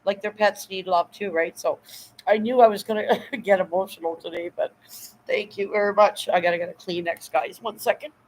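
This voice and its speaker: A woman's voice: mid-range voice, steady tone, normal speed, slight background noise, poor audio. A middle-aged woman hosting a casual livestream, emotional and effusive, rambling with fillers and thanking viewers often. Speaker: livestream host.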